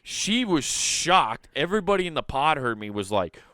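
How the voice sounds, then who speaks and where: Bright, clear-voiced man telling stories. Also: on the high side, moderate pace, no echo. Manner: animated, swears freely, laughs through his stories. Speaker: podcast co-host. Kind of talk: casual storytelling chat.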